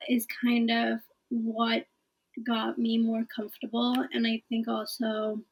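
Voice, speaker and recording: A woman's voice: on the high side, completely flat delivery, takes it slowly, rough recording. A young woman in her twenties, a student guest in a casual interview, speaking earnestly and laughing often.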